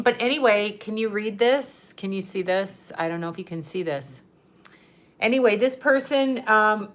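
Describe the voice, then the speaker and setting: A woman's voice: medium pitch, fairly bright tone. A woman hosting a casual live stream, chatting in a rambling, giggly way and often breaking into laughter.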